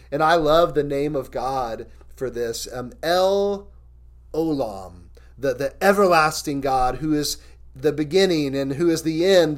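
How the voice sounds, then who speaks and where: Male pastor preaching, candid and earnest, voice sits a touch high, slows down for scripture. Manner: reads scripture slowly and deliberately. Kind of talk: sermon.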